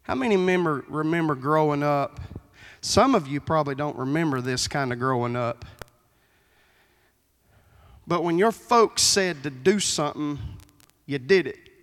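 A man preaching a folksy sermon as pastor, with a high voice. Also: lively intonation, normal speed, pauses often, a bit bright. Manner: folksy preaching with Southern phrasing. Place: church sanctuary. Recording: long hall reverb in a church.

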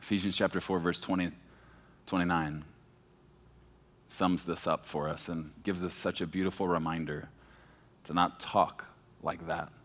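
A pastor from Texas preaching a sermon, moving between hushed, slow emphasis and animated, emphatic passages. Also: male voice, low voice. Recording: long hall reverb.

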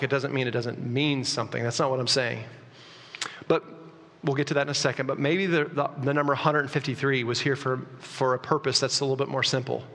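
A man preaching a sermon as a pastor, conversational and animated, often restarting his sentences. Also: on the high side, in a large hall. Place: church.

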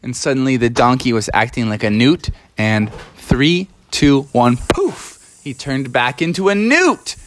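A woman's voice: extremely low pitch, measured pace, hardly any pauses, slight background noise. Playful woman telling a kids' story. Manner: playful, animated, chatty. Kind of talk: improvised bedtime story for children.

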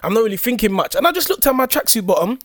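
A young man tells stories in a relaxed, slangy way on a casual podcast. His voice sits high for a man. The sound is close and dry, with no room around it. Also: very fast, no echo. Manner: laid-back storytelling in street slang. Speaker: podcast co-host. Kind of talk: casual chat.

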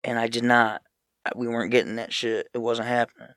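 A man's voice: mid-range voice, brisk, dry recording, clean studio sound. Profane man telling stories. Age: young adult. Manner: profane, animated storytelling with loud mocking impressions. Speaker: podcast guest. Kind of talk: casual chat.

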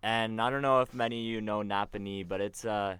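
A man's voice: fairly low pitch, fairly even intonation, brisk, a bit bright, clean tone, dry recording. A young man, telling a story on a casual podcast, acting out the quotes and swearing freely. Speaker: podcast co-host.

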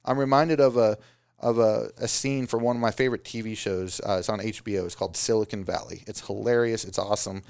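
Small-business owner, male, gravelly, casual motivational talk, dry sound. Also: fairly low pitch, fairly quick, no room sound. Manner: animated, does mocking voices of excuses. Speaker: business owner giving advice.

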